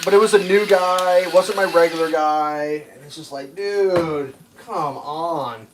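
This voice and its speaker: A man's voice: sits high, level tone, moderate pace, background noise. A man hosting a live stream, casually telling a long, exasperated story in a rambling, profane way. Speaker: livestream host.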